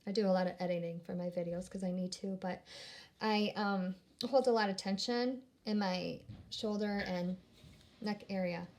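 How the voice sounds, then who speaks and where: A woman's voice: mid-range voice, steady tone, moderate pace, darkish tone. A woman chatting casually at home while she unboxes products, bubbly and rambling, often trailing off and restarting her sentences. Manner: bubbly and upbeat. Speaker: vlogger.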